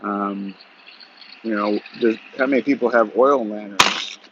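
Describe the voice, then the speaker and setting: A man in his forties telling a story in a rambling, folksy way, outdoors at shooting practice, on muffled audio with loud gunfire. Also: fairly low pitch, fairly even intonation, a little slow, background noise. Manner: rambling folksy, many "you know" and "he goes". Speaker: vlogger. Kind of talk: casual storytelling monologue.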